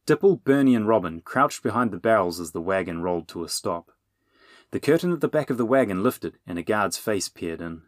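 A man narrating a children's adventure audiobook in a steady, even reading voice, on a close mic. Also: fairly low pitch, fairly quick, no room sound. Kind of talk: scripted storybook narration.

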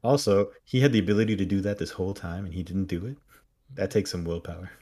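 Deep-voiced podcast guy with a husky edge, chill dry comments. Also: fairly even intonation, fast talker, warm tone. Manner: laid-back, dry reactions and asides. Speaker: podcast co-host. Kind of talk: casual chat.

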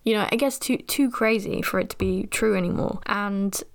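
A woman's voice: medium pitch, moderate pace, vocal fry. A young woman hosting a podcast and recapping a film in a chatty, rambling, self-deprecating way. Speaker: podcast host.

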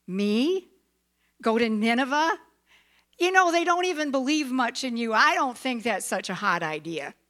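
A woman's voice: fairly high pitch, lively intonation, unhurried, sharp tone. A woman voicing Jonah, a reluctant, panicky biblical man, whining and sing-song in a children's story. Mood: protesting. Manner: whiny, comic, sing-song.

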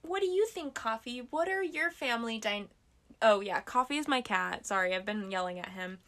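A woman's voice: on the high side, lively intonation, moderate pace, fairly bright tone. A young woman from the United States hosting a podcast at home, chatting casually and giggling, with lots of fillers. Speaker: podcast host. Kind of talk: casual chat.

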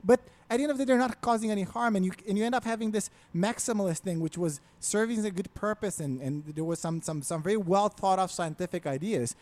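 A man's voice: high-pitched, fast, few pauses. A man on a podcast, ranting casually with a lot of swearing. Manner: profane, ranting, animated.

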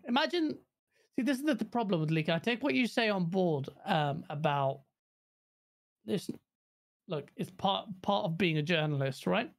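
A woman co-hosting a gaming podcast, talking bluntly in casual chat, swearing freely and jumping into high mocking quotes of other people. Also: expressive, normal speed. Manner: blunt, profane ranting. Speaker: podcast co-host.

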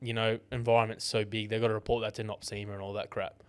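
A young Australian man co-hosting a podcast, telling animated stories full of swearing in casual chat. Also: fairly low pitch, fast talker, clear, resonant tone. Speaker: podcast co-host.

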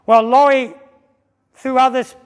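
A man preaching a sermon, telling a story in an animated way and acting out the voices of the people in it, with frequent restarts. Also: extremely high pitch, clean tone. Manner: animated, acts out quoted voices with pauses and restarts. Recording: long hall reverb.

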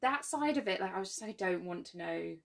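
Young woman on a chat podcast, laughs a lot, bit of vocal fry. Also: medium pitch, lively intonation, fast talker, over a noisy crowd. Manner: chatty, laughs often, many fillers. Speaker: podcast co-host. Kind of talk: casual chat.

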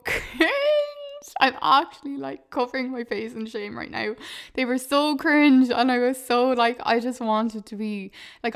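A woman's voice: fairly high pitch, clear, resonant tone. A woman, chatting earnestly on her podcast, laughing often and calling her listeners "lads". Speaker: podcast host and YouTuber. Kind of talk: casual podcast chat.

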